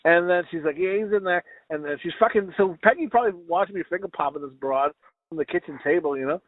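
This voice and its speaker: A man's voice: high voice, expressive, quick pace. A man co-hosting a podcast, telling crude stories in a rambling, laughing way. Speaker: podcast co-host. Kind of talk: crude casual chat. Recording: tinny, phone-like sound.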